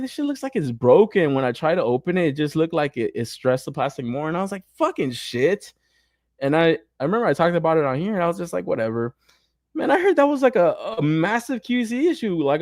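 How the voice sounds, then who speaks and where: A man's voice: fairly high pitch, no echo. Profane, laid-back man in dry sound. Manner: profane, animated, frequent laughter. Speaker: toy podcast host. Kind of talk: casual chat.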